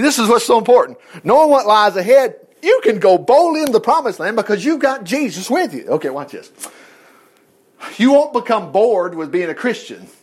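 Animated male preacher, high lively voice, mimics congregants mid-sermon. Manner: animated, acts out churchgoers' voices.

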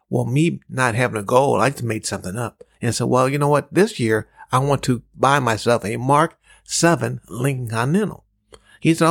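Guy doing a motivational sales podcast, steady middle voice, dry mic, plays out the voices in his story. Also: medium pitch, creaky, no room sound. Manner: measured, repetitive, acts out dialogue in his story. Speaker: sales trainer and podcast host. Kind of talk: motivational talk with a personal story.

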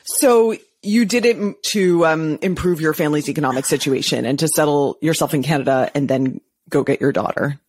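A woman's voice: deep voice, a little fast, few pauses, a little mellow, husky. A woman hosting a podcast interview, enthusiastic and chatty. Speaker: podcast host.

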